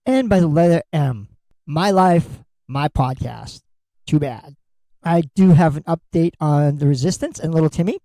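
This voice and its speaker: A man's voice: a little high, a little slow, dark tone, no echo, poor audio. A middle-aged man hosting a solo podcast, talking bluntly and candidly and swearing freely. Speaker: podcast host.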